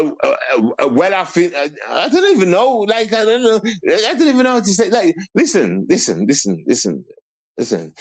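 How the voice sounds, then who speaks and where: A man's voice: high-pitched, low-quality recording. A man livestreaming, ranting at his chat in a profane, confrontational way, rambling and restarting his sentences. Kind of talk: live stream rant at chat.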